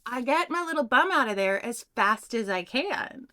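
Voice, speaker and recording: A woman's voice: on the high side, normal speed. A woman doing a pick-a-card tarot reading, talking casually and telling a story from her own life. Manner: chatty, animated, tells personal stories. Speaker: tarot reader.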